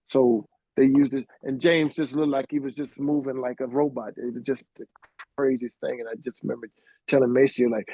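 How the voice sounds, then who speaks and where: With a fairly high-pitched voice, a middle-aged man from Arkansas rambles through anecdotes as a guest in a casual storytelling interview, dropping "man" frequently. The recording is dry and dull lo-fi, without room sound.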